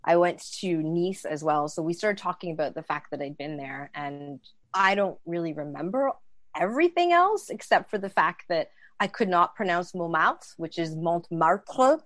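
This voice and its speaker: A woman in her thirties telling a casual, animated story, acting out the lines of others. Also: fairly low pitch, normal speed, no room sound. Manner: animated, acts out dialogue. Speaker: storyteller guest.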